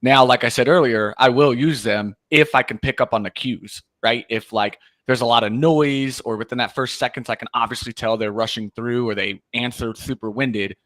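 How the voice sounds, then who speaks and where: A man's voice: medium pitch, normal speed, few pauses, no echo. A man who coaches sales, chatting casually about cold calling and acting out bits of calls. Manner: animated, acts out call snippets.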